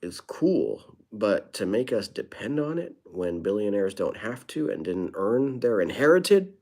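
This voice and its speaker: A man's voice: fairly low pitch, very animated, unhurried, darkish tone. Wry young man chatting on a live stream. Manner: wry, rambling, self-deprecating asides. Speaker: livestreamer. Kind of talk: casual live stream chat, reading viewer comments.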